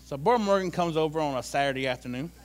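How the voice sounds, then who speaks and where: A middle-aged man tells a lively personal testimony, repeating phrases for comic effect. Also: a little high, rapid-fire. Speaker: church member giving testimony.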